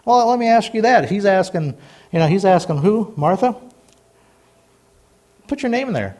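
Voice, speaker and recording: Folksy high-voiced preacher. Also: male voice, lively intonation, moderate pace, long pauses, darkish tone. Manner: folksy, rambling preaching with asides and laughs; rises to a fervent, exhorting tone. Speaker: pastor. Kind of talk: sermon.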